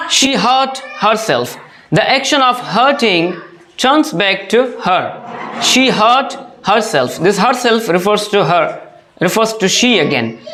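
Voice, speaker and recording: A grammar teacher giving a lesson to students, speaking slowly and repeating each phrase and example, often addressing them as dear students. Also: mid-range voice, a bit bright, a little hiss or hum.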